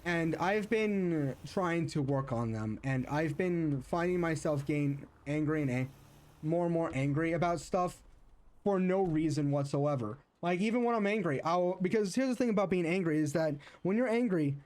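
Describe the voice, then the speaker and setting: A man's voice: on the high side, lively intonation, normal speed, a little mellow. A man streaming a game while chatting casually, rambling earnestly and reflectively, with many restarts and self-corrections. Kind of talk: casual chat while gaming.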